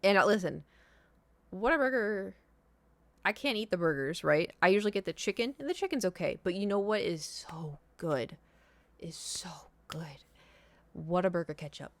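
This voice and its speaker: A young woman streamer telling a travel story in a chatty, animated way, full of likes and laughs. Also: medium pitch, no room sound. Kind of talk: casual storytelling.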